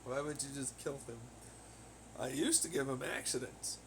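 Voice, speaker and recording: Ranting with heavy profanity, a young man rambles casually on his own podcast at home on laundry day. His medium-pitched voice is animated and moves at a normal speed, with background noise in the recording.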